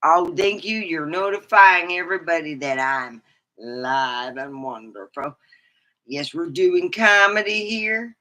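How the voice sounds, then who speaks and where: Woman livestreamer, middle-aged, slow and rambling, bright forceful tone, lowish voice. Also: low-quality recording. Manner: rambling and animated, with sudden high whoops. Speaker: livestreamer and comedy chat host. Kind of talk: casual rambling livestream chat.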